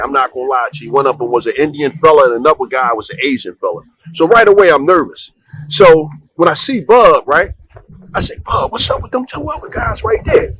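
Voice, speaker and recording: A man's voice: on the high side, slightly rough, low-quality recording. A man telling a comic story in a loose, conversational way, often checking in with "right?". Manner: animated, conversational, frequent "right?" asides. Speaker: comedian. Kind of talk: storytelling comedy monologue.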